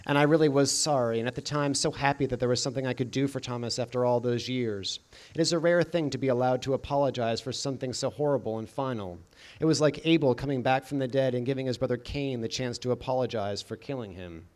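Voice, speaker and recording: A man reading first-person scripted narration in a deadpan, dry comic manner. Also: mid-range voice, quick pace. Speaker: audiobook narrator.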